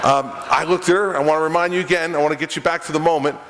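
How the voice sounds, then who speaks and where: A man's voice: fairly high pitch, fairly even intonation, racing, heavy background noise. A middle-aged man giving a conversational, joking campaign speech, speaking directly to the audience. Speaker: political speaker at a campaign event. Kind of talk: stump speech with storytelling. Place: event room with an audience. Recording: reverberant event hall.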